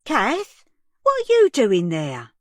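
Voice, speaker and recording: A woman's voice: huge pitch swings, slow pace, dry recording, full character voice. A woman narrator voicing a distraught young mother who screams and shrieks in desperation. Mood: tearful. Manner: shrill shrieking.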